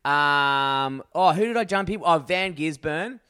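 Young aussie guy on a podcast, loud and sweary, dry close sound. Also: on the high side, animated, unhurried, clear, resonant tone, no room sound. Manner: crude, loud, jokey storytelling with lots of swearing. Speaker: podcast co-host. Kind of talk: casual chat.

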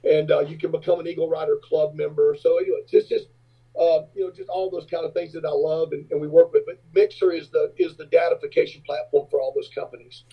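A husky man tells his stories with gusto and jumps into high squeaky voices for the people in them. His voice sits a bit high for a man, and the audio sounds dull and lo-fi. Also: fast talker. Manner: animated storyteller, acts out other voices in high pitch. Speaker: rock singer and businessman, guest. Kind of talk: casual interview storytelling.

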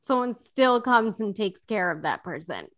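Podcast lady chatting about a show, super lively up and down voice, laughs a lot. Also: medium pitch, moderate pace. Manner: animated, laughs often, jumps between thoughts. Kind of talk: casual chat about a TV series.

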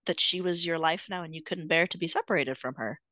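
A woman's voice: on the low side, a little fast, sharp tone, dry recording. A woman in casual podcast conversation, asking questions and musing over possibilities. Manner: thoughtful, questioning, speculative.

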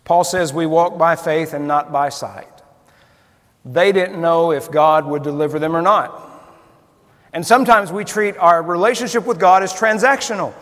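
High-voiced preacher in a reverberant hall. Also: male voice, normal speed, fairly bright tone. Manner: conversational, asks the listeners questions. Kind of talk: sermon.

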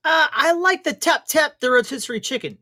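A man's voice: very high-pitched, brisk, pushed and bright. A man co-hosting a podcast, rambling casually with lots of "dude" and "man.". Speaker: co-host.

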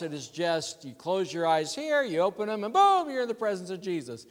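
A man preaching a sermon as a pastor, telling a story in a conversational, animated way. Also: sits high, in a large hall.

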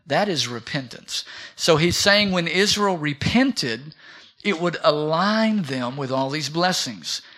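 Brief: middle-aged man preaching, bright, a bit high, rousing, calls for amens. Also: animated, slow pace. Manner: rousing, calls for amens, swings between loud and soft. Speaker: pastor. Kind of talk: sermon. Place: church sanctuary.

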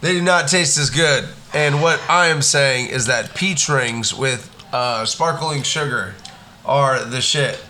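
A man's voice: medium pitch, slow pace, bright, forceful tone, a little hiss or hum. A man co-hosting a podcast, riffing on absurd jokes in casual banter. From Florida. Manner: jokey, riffs on absurd bits with laughs. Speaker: podcast co-host.

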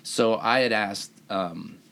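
A man's voice: lowish voice, slow, creaky, very noisy. A man, a surgeon hosting a podcast, telling rambling self-mocking stories in casual chat.

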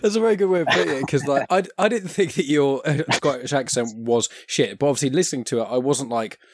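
A man chats on a podcast, hesitant and full of fillers as he works out his thoughts. His voice is mid-pitched and the recording is close and dry. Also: quick pace, dry recording. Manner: chatty, hesitant, many fillers. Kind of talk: casual podcast chat.

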